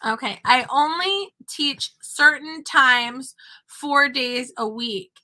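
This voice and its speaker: Young chatty homeschool mom, high and bright. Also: female voice, slow. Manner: chatty, talking with her child between points. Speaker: homeschooling mother and online teacher. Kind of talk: casual talk to camera.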